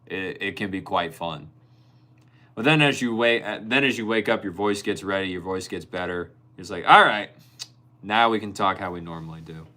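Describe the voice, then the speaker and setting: A young man hosting a live stream, chatting casually and answering viewers' comments by name, sometimes telling animated stories. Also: deep voice, normal speed. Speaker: livestreamer reading chat.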